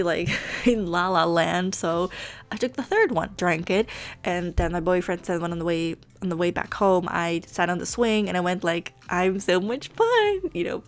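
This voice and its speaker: A woman in her late twenties talks casually over gameplay. Her voice sits a little low, and she mocks herself with frequent laughs and casual swearing. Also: gravelly. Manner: chatty and self-mocking, laughs often, swears casually. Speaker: Sims gaming YouTuber.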